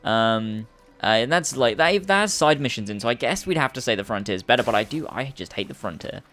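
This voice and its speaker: A man's voice: medium pitch, expressive, a little fast, fairly bright tone. A young man hosting a let's play, rambling through casual gameplay commentary and swearing often.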